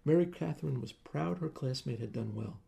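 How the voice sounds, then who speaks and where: A man reading a short story aloud in measured, plain narration. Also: mid-range voice, expressive, vocal fry, warm tone, slightly rough.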